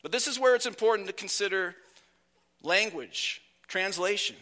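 A man preaching a sermon with earnest, emphatic delivery and slow drawn-out phrases, his voice a little whiny from being sick. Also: high voice, sharp tone.

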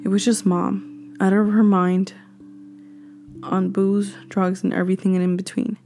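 A woman reading a horror story aloud, slow and hushed, sometimes dropping to a whisper. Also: medium pitch, flat delivery, faint music behind.

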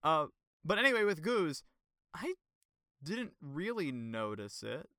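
A man's voice: fairly high pitch, very animated, a little slow, sharp tone, dry recording, studio quality. A man co-hosting a podcast, chatting in an upbeat, enthusiastic way and laughing easily. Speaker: podcast co-host. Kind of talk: casual podcast review chat.

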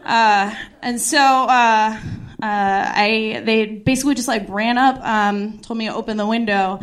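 Higher-voiced woman rambling through stand-up. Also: steady tone, unhurried. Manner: rambling, self-deprecating, lots of "like" and restarts. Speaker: stand-up comedian. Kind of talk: stand-up storytelling.

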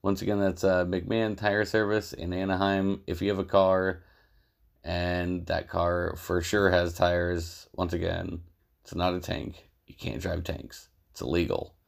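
Young man, deep voice, gravelly, rambling, joking, podcast co-host. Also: little pitch movement, unhurried. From Southern California. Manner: rambling, joking, filler-heavy. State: out of breath. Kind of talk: casual podcast chat and self-read ad.

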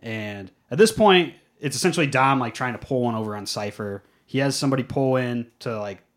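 A man's voice: mid-range voice, animated, a little fast. A man co-hosts a casual movie podcast and walks through the plot scene by scene. He rambles and leans on "like" as filler, in an ordinary mid-range voice. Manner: rambling, fills with "like". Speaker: podcast co-host. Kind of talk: casual movie recap chat.

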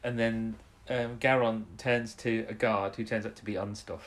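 A man's voice: lowish voice, flat delivery, normal speed, fairly bright tone. A man co-hosting a show, recapping an episode in casual chat, rambling with restarts and tag questions. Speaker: podcast co-host.

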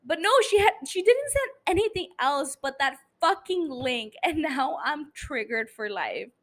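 Tipsy podcast host, a woman with English as her second language, high voice, profane animated rants. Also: unhurried. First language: not English. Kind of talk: casual chat.

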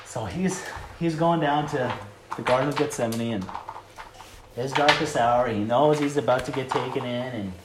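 A man's voice: mid-range voice, normal speed. A man giving an informal sermon, talking conversationally with many fillers and building to emphatic preaching. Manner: frequent "like" and "you know" fillers. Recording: echoey room with loud noise.

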